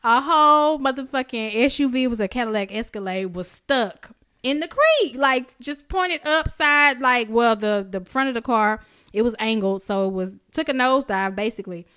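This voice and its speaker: A woman co-hosting a podcast, telling a story in casual chat, animated and profane, jumping high in pitch when she acts out her own reactions. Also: normal speed, clear, resonant tone. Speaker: podcast co-host.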